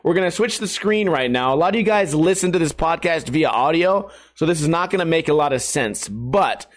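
A man's voice: a little high, expressive, brisk. A man hosting a podcast in a crude, rambling, jokey comedic monologue. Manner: crude, rambling, jokey, puts on silly voices. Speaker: podcast host.

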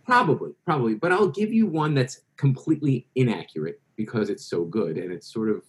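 A man who is an author, telling lively anecdotes as a guest in an interview and quoting other people in their voices. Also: mid-range voice, a little fast. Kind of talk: interview storytelling.

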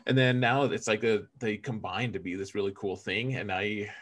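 Lower-voiced man, animated podcast co-host. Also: fairly quick, few pauses. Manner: animated and joking, stammering restarts. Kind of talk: casual gaming podcast chat.

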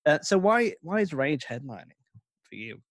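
A man's voice: fairly high pitch, very animated, normal speed, no room sound. Chatty man with a dry sound. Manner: chatty, hesitant with many fillers. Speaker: podcast co-host. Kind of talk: casual chat.

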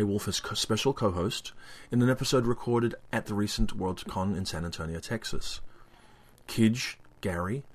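A man reading a scripted introduction for a podcast episode in a measured, even way. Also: on the low side.

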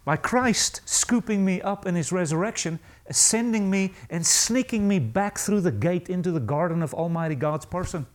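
A man preaching a sermon, emphatic, asking the congregation rhetorical questions and slowing down to stress key phrases. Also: high-pitched, lively intonation.

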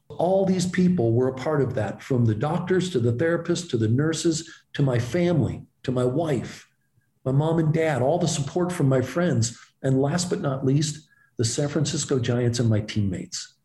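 A man, a former baseball pitcher, telling animated, self-deprecating stories as an interview guest. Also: reverberant. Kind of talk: storytelling in an interview.

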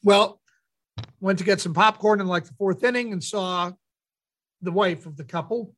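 A man hosting a radio talk show, telling a lively anecdote and acting out what people said. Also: sits high, moderate pace. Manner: animated anecdote teller, acts out quotes. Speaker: radio host. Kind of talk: casual storytelling on air.

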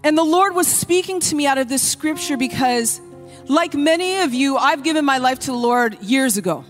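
Woman pastor preaching in church, high voice, acts out prayers, soft music under it. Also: expressive, normal speed. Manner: impassioned preaching, acting out prayers. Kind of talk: sermon.

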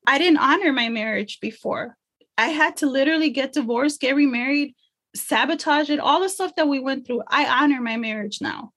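A woman's voice: high-pitched, normal speed, a bit bright. A woman empowerment coach in a casual podcast conversation, speaking earnestly and emotionally from her faith.

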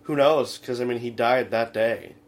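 A man co-hosting a comedic radio talk show, retelling scenes in a rambling, halting way full of fillers. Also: medium pitch. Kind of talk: casual comedic chat.

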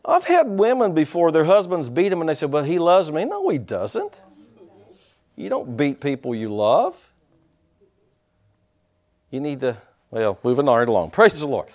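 Older man, preacher, sermon, lively swooping delivery, somewhat high voice. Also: measured pace, long pauses. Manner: animated, calls out to the congregation. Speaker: pastor.

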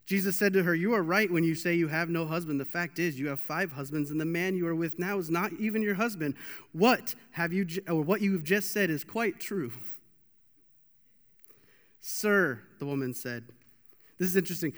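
A young preacher, his voice slightly high and his pace moderate, gives a lively, casual sermon peppered with jokes and frequent restarts. The church hall lends a long, lingering reverb.

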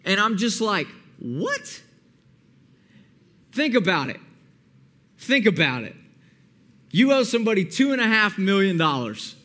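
A young man preaching a sermon, praying earnestly and then retelling a parable in a lively way. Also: high-pitched, moderate pace, long pauses. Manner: earnest, pleading prayer, then animated retelling. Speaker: pastor. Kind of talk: sermon with prayer and scripture reading.

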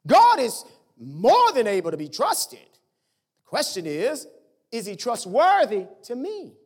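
A middle-aged pastor preaching a sermon in a conversational, animated way, firing off rhetorical questions at the congregation. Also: medium pitch, slow, slightly rough.

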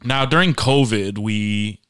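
Easygoing young male co-host, smooth and a bit low, relaxed and full of slang. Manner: laid-back, drawn-out fillers and slangy. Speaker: podcast co-host. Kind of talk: casual chat.

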